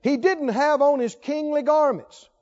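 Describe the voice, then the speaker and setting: A man preaching a sermon emphatically, swinging between loud declarations and hushed lines. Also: very high voice, a little slow, dull audio. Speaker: pastor.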